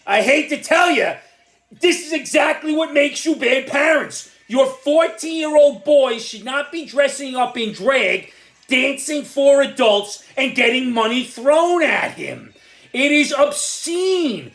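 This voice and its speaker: An older speaker with an Irish accent giving an angry, exasperated opinion monologue, sometimes breaking into shouts. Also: high-pitched, big pitch swings, takes it slowly. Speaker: commentator.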